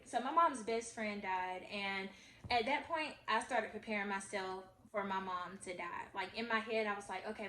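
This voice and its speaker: A woman's voice: medium pitch, a bit bright, a little hiss or hum. A woman in her twenties, a vlogger telling a personal story in an earnest, confiding way and talking straight to her viewers. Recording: echoey room.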